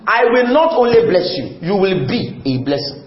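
A man's voice: high-pitched, big pitch swings, moderate pace. A man preaching a sermon, emphatic and repetitive, questioning the congregation and waiting for replies. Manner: call-and-response, asks the congregation questions; emphatic, repeats phrases. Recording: echoey, slightly muffled, faint room noise.

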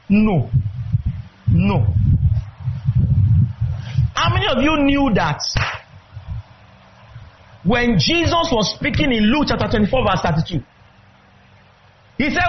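A man preaching a fervent sermon, breaking into shouts and drawing out words for emphasis. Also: very high voice, very animated, normal speed, pauses often, highs cut off, a little hiss or hum.

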